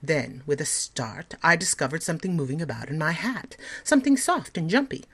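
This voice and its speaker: A woman teacher reading a story aloud in an expressive, measured way. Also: low-pitched, breathy edge.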